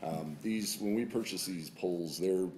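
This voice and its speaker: Deep-voiced matter-of-fact operations director. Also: male voice, normal speed, a little mellow. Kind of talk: staff briefing at council meeting.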